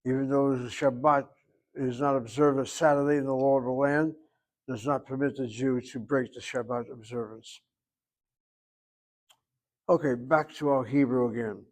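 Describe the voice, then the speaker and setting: A man's voice: medium pitch, steady tone, moderate pace, long pauses. An older man teaching a Hebrew class, joking and digressing, then patiently correcting a student's pronunciation. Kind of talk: online class instruction.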